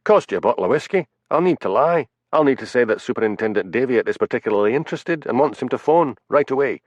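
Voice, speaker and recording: A man voicing a wry, scheming male police detective in an audiobook, speaking quickly. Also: mid-range voice, expressive, no room sound, muffled recording, pitched above the performer's own voice, close to an everyday voice. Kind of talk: audiobook character voice.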